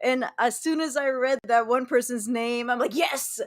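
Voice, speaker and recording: A woman's voice: a little high, normal speed, dry recording, studio quality. Bubbly woman hosting a livestream. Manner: bubbly, excitable, laughs often. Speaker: host. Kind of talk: casual livestream chat.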